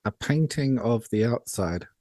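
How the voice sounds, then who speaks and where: A man's voice: medium pitch, lively intonation, unhurried, mellow, no room sound. A man co-hosting a casual film review chat, dryly pointing out details and trivia with a teasing edge. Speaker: podcast co-host.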